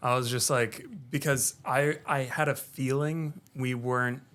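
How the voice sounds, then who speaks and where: A young man co-hosting a podcast, chiming in with quick remarks and adding his side of a shared story in casual chat. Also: medium pitch, steady tone, a bit bright. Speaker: podcast co-host.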